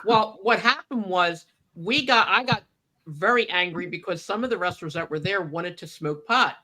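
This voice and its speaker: A woman with a bright, clear voice tells stories in casual reminiscing chat. She acts out what people said as she goes, like a radio co-host looking back on the old days. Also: lowish voice, normal speed. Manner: animated storyteller, acts out quotes.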